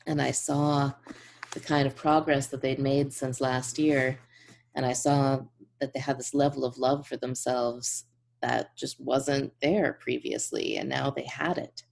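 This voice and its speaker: A woman's voice: extremely low pitch, level tone, measured pace, vocal fry, a little mellow. A woman guest in a casual interview, speaking earnestly and effusively and laughing often. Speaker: podcast guest.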